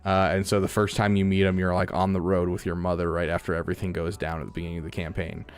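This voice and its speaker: A man's voice: low-pitched, flat delivery, quick pace, clear, resonant tone. A man streaming live, chatting casually with his viewers, rambling, restarting his sentences and laughing often. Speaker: streamer reading chat.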